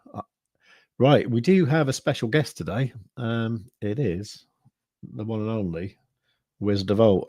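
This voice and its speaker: A man's voice: lowish voice, darkish tone, no echo, studio quality. An English man from the Midlands with a mixed southern accent, rambling casually through viewer comments as a livestream host, with lots of fillers. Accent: English, mixed Midlands and southern English with some years in France. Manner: rambling, many fillers and restarts.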